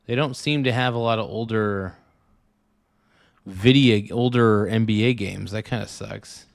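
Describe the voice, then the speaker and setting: A man's voice: lowish voice, unhurried, vocal fry. A man streaming live, chatting casually and reacting with jokes, snatches of song and impressions. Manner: joking, breaks into song and impressions.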